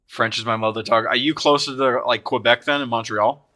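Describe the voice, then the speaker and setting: A man streaming live, chatting with viewers by name and breaking into excited swearing. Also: mid-range voice, brisk. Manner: excitable, swears and shouts in bursts; talks to chat viewers by name. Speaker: streamer opening card packs.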